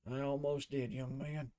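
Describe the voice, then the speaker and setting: A man voicing a dapper, civil male combat instructor whose prim, smooth way of talking is slurred by a smashed face. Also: mid-range voice, warm tone, voice pushed up, lightly acted.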